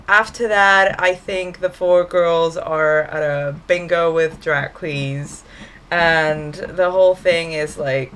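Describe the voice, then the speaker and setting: A woman hosting a podcast, chatting casually and recapping events in an energetic way, with lots of "like". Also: deep voice, smooth. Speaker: podcast host. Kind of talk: casual chat.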